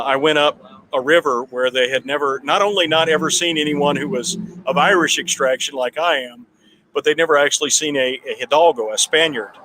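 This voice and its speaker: A man in a town hall conversation telling a long personal story in a relaxed, rambling way with frequent restarts. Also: mid-range voice, slight background noise. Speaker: political candidate guest.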